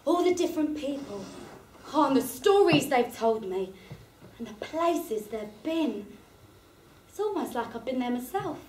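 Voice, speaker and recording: A woman's voice: sits high, sing-song, unhurried, darkish tone, roomy sound, a little hiss or hum. A woman playing a gossipy woman. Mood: fond. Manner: gossipy, laughing storyteller. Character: chatty working-class London woman, hostel dweller. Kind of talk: one-woman stage monologue. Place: theatre performance space.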